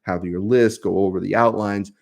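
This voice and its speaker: A man's voice: fairly low pitch, fairly even intonation, normal speed, creaky. A man with a New York accent, a lawyer answering viewer questions on a casual live stream, speaking conversationally with many fillers.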